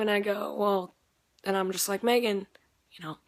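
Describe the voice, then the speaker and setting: A young woman vlogging in a casual, rambling, excitable way, swearing freely as she tells her story. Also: mid-range voice, moderate pace. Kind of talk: casual chat.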